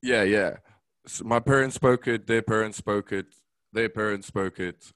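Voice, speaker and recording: A man from South Africa with a South African accent, whose first language is Afrikaans, speaking as a podcast guest in a relaxed, halting way. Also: lowish voice, clear, resonant tone, no room sound. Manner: relaxed, hesitant, many fillers. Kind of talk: casual conversation.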